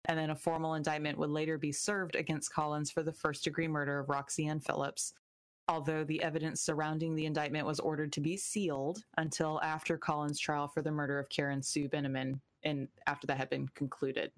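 Low-voiced woman on a true crime podcast, blunt, swears a lot, sarcastic. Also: flat delivery, fairly quick. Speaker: podcast co-host. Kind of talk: casual true crime chat.

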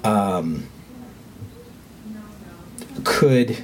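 A man's voice: on the low side, animated, extremely slow. A middle-aged man telling a personal story in frank, casual conversation, swearing freely and livening up when he quotes people.

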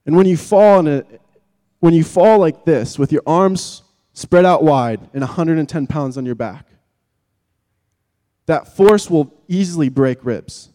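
A man preaching a sermon in vivid, dramatic terms, swinging from loud emphasis to hushed tones. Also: fairly high pitch, a little slow, big-room sound.

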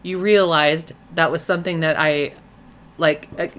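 A woman's voice: deep voice, fairly even intonation, measured pace, a bit bright. A woman in her forties co-hosting a casual home podcast, teasing her husband and laughing often. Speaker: podcast co-host. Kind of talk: casual chat.

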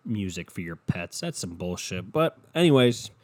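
A man's voice: deep voice, sing-song, normal speed. A young man hosting a casual solo podcast from home, rambling and swearing with a sardonic edge. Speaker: podcast host. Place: at home in bed with his dog. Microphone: home podcast mic.

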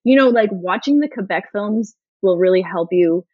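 A woman speaking as an interviewee in casual chat, talking in a fast-flowing way full of "like" fillers. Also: mid-range voice, lively intonation, slightly rough, no room sound. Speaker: interviewee, former education student. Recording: dull, lo-fi recording.

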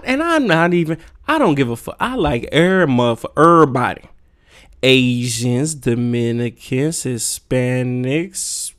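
A man with a slightly high-pitched voice rants on his podcast. He is heated and swears constantly, firing off emphatic rhetorical questions in a casual, unscripted monologue. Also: a bit bright, clean tone. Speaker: podcast host.

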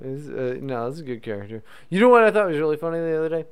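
A man with a smooth, resonant voice riffs through crude podcast banter. His pitch bounces around a lot as he jokes and launches into goofy impression bits. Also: big pitch swings, very fast. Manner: jokey, tries silly impressions and bits. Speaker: podcast co-host.

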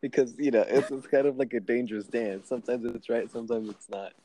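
Young man, mellow dark tone, easygoing self-mocking storyteller. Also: medium pitch, fast, rough recording. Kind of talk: casual chat.

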